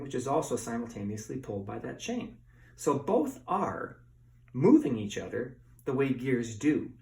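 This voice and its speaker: Far from the mic, a middle-aged man with a mid-range voice leads a lesson indoors among bikes, demonstrating on one. The room echoes as he chats playfully and asks his class questions.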